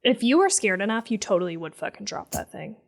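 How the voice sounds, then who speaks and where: A woman co-hosting a horror movie podcast in casual chat, animated and swearing as she acts out lines. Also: mid-range voice, fast talker, gravelly. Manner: animated, swears, quotes in voices. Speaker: podcast co-host.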